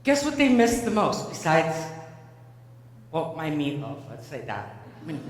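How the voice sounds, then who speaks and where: A woman's voice: low voice, huge pitch swings, unhurried, long pauses, crowd noise. Playful middle-aged woman giving a keynote. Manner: playful, self-mocking storytelling with acted-out dialogue. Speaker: keynote speaker. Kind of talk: humorous motivational keynote. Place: large conference hall. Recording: echoey hall, distant mic, faint hum.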